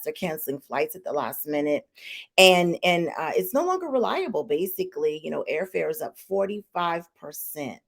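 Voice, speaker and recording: A woman's voice: fairly low pitch, darkish tone. A woman hosting a podcast, talking straight to her viewers in an outspoken, emphatic way and repeating her points. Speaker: podcast host. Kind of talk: casual opinion talk to viewers. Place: live online stream.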